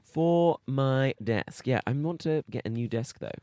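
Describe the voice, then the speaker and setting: A man's voice: mid-range voice, unhurried, mellow, no echo. A man co-hosting a podcast, chatting in a playful, musing way. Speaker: podcast co-host. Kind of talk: casual chat.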